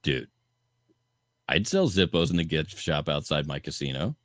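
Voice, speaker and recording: A man co-hosting a podcast, trading wry jokes and quick asides in casual banter. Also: very deep voice, animated, fairly bright tone, dry recording, clean studio sound. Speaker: podcast co-host.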